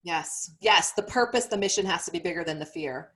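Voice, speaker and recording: A woman's voice: on the low side, brisk, a bit bright. Upbeat woman podcast host. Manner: upbeat and motivational, coaching listeners directly. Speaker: podcast host and sales coach. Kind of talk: casual podcast conversation.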